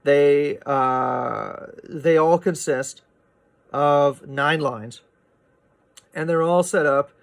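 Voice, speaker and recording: A man teaching a poetry lesson, explaining meter in a relaxed way, often checking in with "right?" and filling pauses with "uh" and "um.". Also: a little high, vocal fry. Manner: explanatory, frequent "right?" and "uh" fillers. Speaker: literature teacher. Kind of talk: recorded poetry lecture.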